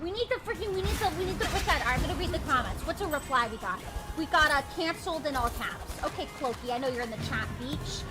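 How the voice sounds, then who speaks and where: A high-voiced woman talking on a live stream, bursting with excitement and tripping over her own sentences. She rambles, restarts and swears freely. Loud music plays behind her the whole time. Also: fast talker, few pauses. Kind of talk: casual live-stream chat.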